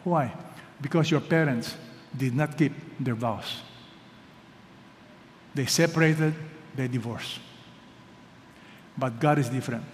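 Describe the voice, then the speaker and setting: A man preaching a sermon. He is emphatic, moves between loud calls and hushed lines, and prompts the congregation to respond. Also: mid-range voice, slow, long pauses, a little hiss or hum. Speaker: pastor. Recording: long reverb of a large hall.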